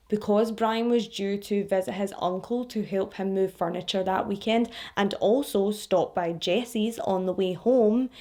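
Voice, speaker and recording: A woman's voice: mid-range voice, gravelly, darkish tone. A woman hosting a true crime podcast, telling the case with sarcastic asides and laughing at the messages she reads out.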